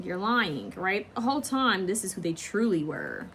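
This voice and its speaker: A woman's voice: mid-range voice, wildly swooping pitch, moderate pace, fairly bright tone, slight background noise. A woman giving a casual pick-a-card tarot reading, chatty and rambling with slangy asides.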